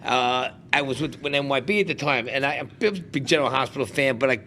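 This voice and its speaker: A man's voice: medium pitch, quick pace, bright, forceful tone, slight background noise. A man co-hosting a podcast, telling friendly showbiz anecdotes in casual chat.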